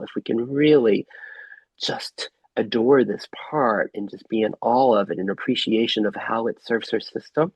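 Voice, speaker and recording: Husky-voiced male facilitator, gentle and inviting, dry and dull lo-fi call audio. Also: mid-range voice, no room sound. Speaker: group facilitator. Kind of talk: guided reflective facilitation. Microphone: video call.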